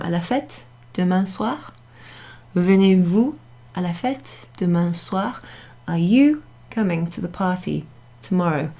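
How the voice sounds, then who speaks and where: A woman leads a beginners' class in a small room, explaining each point patiently and repeating every example. Her voice sits a little low. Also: mellow. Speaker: French teacher. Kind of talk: classroom French lesson.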